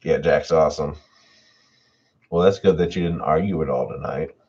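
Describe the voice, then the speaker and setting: A man reads horror stories aloud on a livestream, chatting casually with viewers between readings. His voice is extremely deep and husky. The recording sounds dull and lo-fi. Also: moderate pace. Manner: relaxed and chatty, reads chat messages aloud. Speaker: horror story narrator and livestream host. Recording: dull lo-fi home audio.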